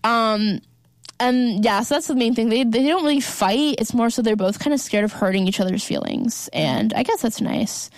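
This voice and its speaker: A young woman talks through a TV recap in a loose, chatty way, leaning on "like" at every turn. Her voice sits a little high for a woman. The sound is dry and close, with no room around it. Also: lively intonation, moderate pace, no room sound. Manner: chatty, heavy use of "like" fillers. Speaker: podcast host. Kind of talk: casual TV recap chat.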